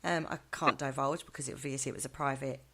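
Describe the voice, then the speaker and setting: A woman's voice: extremely low pitch, steady tone, quick pace, bright, forceful tone, slightly rough. A woman co-hosting a show, chatting with enthusiasm and laughing often. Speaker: co-host. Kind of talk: casual chat.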